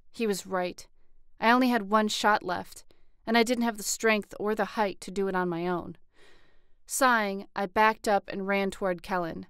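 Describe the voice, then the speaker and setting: A woman reads a first-person story aloud as an audiobook narrator. Her voice is smooth and resonant at a middle pitch, recorded dry and close with no room sound. She voices the dialogue with lifts in pitch and loudness. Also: no room sound.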